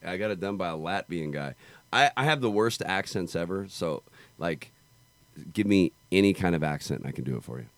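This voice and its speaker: Man, young adult, deep low voice, laid-back, cussing, dry close-mic sound. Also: expressive, fairly quick, no echo. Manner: laid-back, profane, laughs easily. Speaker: touring country musician guest. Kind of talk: casual podcast chat.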